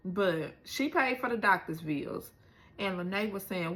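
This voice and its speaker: Slow-talking emotional woman recapping a show. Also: medium pitch, animated, a bit bright, reverberant. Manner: emotional, retelling scenes with rising exclamations. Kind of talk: casual episode recap.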